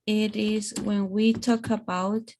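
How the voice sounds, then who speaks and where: A woman's voice: mid-range voice, level tone, slow pace, darkish tone. A woman whose first language is Spanish, patiently teaching English grammar on a video call and checking in with frequent "okay"s. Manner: patient, explains step by step with many "okay"s. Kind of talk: online English grammar lesson.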